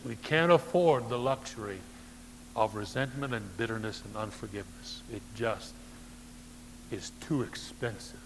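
A man preaching a sermon as pastor, emphatic, rising to loud stresses and dropping to soft low phrases, with dry humorous asides. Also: a little slow, long reverb tail, a little hiss or hum, rough recording. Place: church sanctuary.

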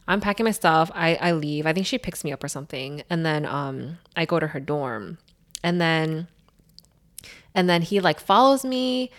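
A woman's voice: sits low, lively intonation, moderate pace. A young woman telling a story in casual chat, rambling with many filler words.

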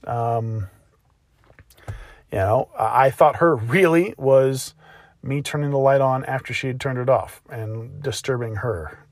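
A tired man, a new father, telling a casual personal story about a rough night in a plainspoken, self-reflective way. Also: mid-range voice, unhurried, no echo. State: exhausted. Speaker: podcast host, new father of twins.

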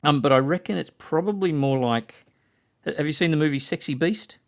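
A man's voice: on the high side, a little fast. A man hosting a casual podcast chat, chatty and prone to quoting films. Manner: chatty, quotes films in put-on voices. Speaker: podcast host.

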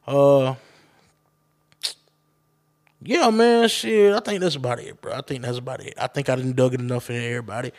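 On his own podcast, a man delivers a casual, profane solo rant straight to his listeners. He speaks at a moderate pace and medium pitch, pausing often.

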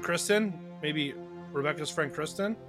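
A man's voice: fairly high pitch, a little slow, fairly bright tone, soft background music. A man hosting a podcast in casual conversation, chatty and rambling with fillers. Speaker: podcast host.

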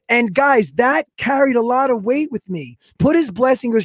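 A man's voice: very high-pitched, brisk, few pauses, dry recording. A man hosting a podcast, telling long, rambling stories and acting out the voices and sound effects of the people in them. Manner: animated, acts out quoted voices and sound effects. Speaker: podcast host. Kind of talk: casual podcast storytelling.

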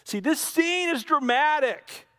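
A middle-aged man, a pastor preaching a sermon with dramatic storytelling, swinging from loud to hushed. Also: very high-pitched, lively intonation, takes it slowly.

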